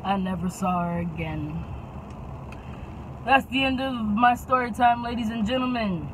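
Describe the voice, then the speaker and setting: A young woman tells a story in a lively, dramatic way and often checks in with "okay?" Her voice is bright and forceful, with faint traffic from outside the car she records in. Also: a little high, unhurried, low-quality recording. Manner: animated, dramatic, keeps adding "okay?". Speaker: YouTube storyteller. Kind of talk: casual storytime.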